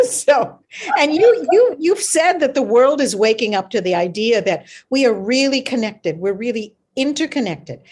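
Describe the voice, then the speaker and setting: A woman's voice: on the high side, big pitch swings, measured pace, darkish tone, breathy edge. Chatty woman radio show host. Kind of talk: casual interview chat.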